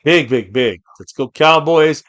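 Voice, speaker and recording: Excitable male fan streamer, dry sound. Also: a little high, measured pace, no room sound. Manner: excitable, erupts into shouting on big plays; reads viewer names and comments aloud. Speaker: fan streamer reacting to a live game. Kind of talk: live game reaction and chat reading.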